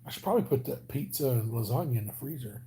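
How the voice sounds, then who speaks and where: A man with a Southern US drawl, mellow and easygoing. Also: medium pitch, animated, fast. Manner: rambling, joking, easygoing. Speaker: livestream host. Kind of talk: casual livestream chat with viewers.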